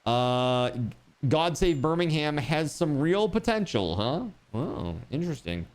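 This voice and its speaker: A man's voice: on the high side, animated, takes it slowly, clean tone. A man streaming a game, chatting casually and joking, swearing freely. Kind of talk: casual chat while gaming.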